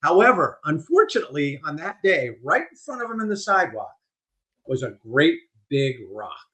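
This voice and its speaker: Animated older man telling stories. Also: on the high side, moderate pace. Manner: animated storyteller, vivid delivery. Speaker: guest speaker. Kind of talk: podcast interview.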